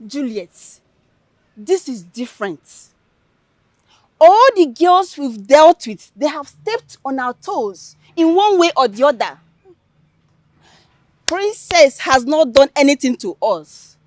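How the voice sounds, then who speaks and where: A woman's voice: high voice, slow, pauses often, no room sound, full character voice. An actress playing an upright young village woman who reproaches her scheming friends. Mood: firm. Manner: reproachful, steady, pleading.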